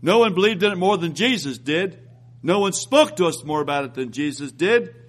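High-voiced preacher rising for emphasis. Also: male voice, expressive. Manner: reads scripture aloud, rises and slows for emphasis; repeats phrases for emphasis. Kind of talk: sermon.

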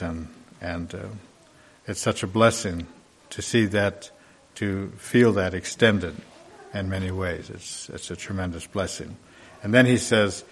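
A man preaching a sermon. He reads scripture aloud in old-fashioned wording and explains it in a plain, unhurried way, pausing often with fillers. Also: on the low side. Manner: reads scripture loudly, then explains softly with many fillers.

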